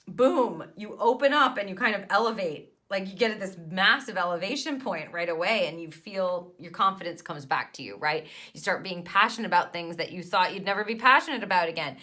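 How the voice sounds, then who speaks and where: A woman with a fairly low voice but a bright, forceful tone gives a tarot reading to her viewers. She is encouraging and emphatic, pressing her points and hesitating with fillers in between. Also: expressive, moderate pace. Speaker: tarot card reader.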